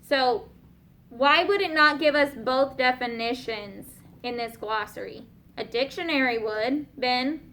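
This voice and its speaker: A woman teaching a class of young students, patiently asking questions and slowing down to spell out and explain words. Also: sits high, a bit bright, slight background noise.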